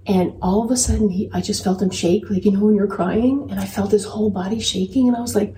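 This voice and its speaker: A woman's voice: mid-range voice, fairly even intonation, quick pace, hardly any pauses, warm tone. A woman in her thirties talking earnestly about faith and parenting and telling a personal story, repeating phrases for emphasis. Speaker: podcast co-host. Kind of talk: faith-based parenting chat. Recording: roomy, distant mic, faint background noise.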